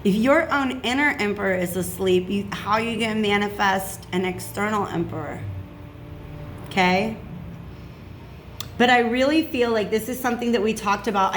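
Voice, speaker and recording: A woman's voice: medium pitch, slight background noise. Chatty woman giving a tarot reading. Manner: chatty, reassuring, frequent "okay?" check-ins. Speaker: tarot reader.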